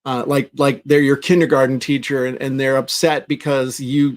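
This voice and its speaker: A man's voice: medium pitch, level tone, normal speed, hardly any pauses. A middle-aged man co-hosting a podcast in casual chat, telling stories animatedly and acting out quoted lines. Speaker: podcast co-host.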